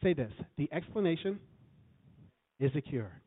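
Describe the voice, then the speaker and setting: A man's voice: on the high side, very animated, unhurried, slightly rough, dry recording. A man preaching a sermon, quoting scripture and telling a story, with emphatic swells on key lines. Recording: tinny phone-like recording.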